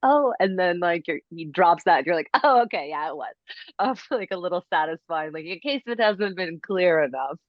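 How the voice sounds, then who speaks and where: A woman's voice: on the low side, normal speed, dry recording. A woman guest on a podcast, playful and teasing. Her voice is dry and close but comes through a dull, lo-fi recording. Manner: playful, teasing, laughs often. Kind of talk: casual chat. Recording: dull, lo-fi sound.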